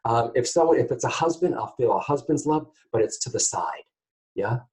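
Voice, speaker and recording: A man teaching psychic mediumship to camera in a casual, animated way, often checking in with his viewers. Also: mid-range voice, normal speed, poor audio. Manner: animated, keeps checking in with "guys, okay?".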